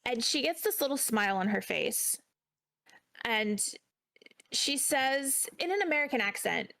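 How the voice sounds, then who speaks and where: A woman's voice: high voice, animated, measured pace, gravelly, pushed and bright. A woman running a tabletop horror game as game master, describing scenes with many ums and repeated words. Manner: descriptive, with frequent ums and repetitions.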